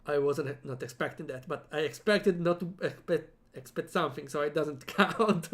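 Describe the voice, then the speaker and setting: A man's voice: on the high side, normal speed, a bit bright. A man streaming, reading a visual novel aloud as the lead, with giggly, chatty asides.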